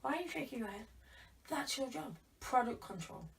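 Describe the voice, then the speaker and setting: A woman's voice: sits high, animated, normal speed. A woman vlogger chatting casually while she assembles furniture at home, teasing the person filming her. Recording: distant mic with clear background noise.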